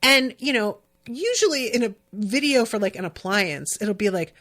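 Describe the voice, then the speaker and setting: A woman's voice: a little high, sing-song, moderate pace, fairly bright tone. A young woman hosts a casual podcast recap. She talks in a loose, rambling way, full of fillers and restarts. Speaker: podcast host.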